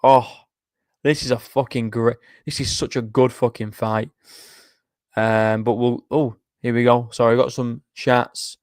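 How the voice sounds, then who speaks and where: A man's voice: medium pitch, little pitch movement, a little slow, a little mellow, no echo, studio quality. A tired young man hosting a live stream, chatting casually, swearing often and reading out viewer comments. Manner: chatty, swears often, reads chat aloud. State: tired, yawning. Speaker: livestream host making fight predictions. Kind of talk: casual chat.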